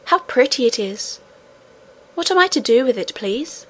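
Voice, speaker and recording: A woman's voice: sits high, sing-song, normal speed. A woman reading aloud voices an eager, polite little princess girl who asks questions in a wondering, breathless way. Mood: delighted.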